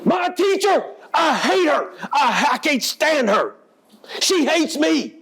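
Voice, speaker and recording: A man acting out a furious young schoolgirl who shouts shrill, repeated complaints. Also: big pitch swings, slow, exaggerated voice. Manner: shrill angry repeated outbursts.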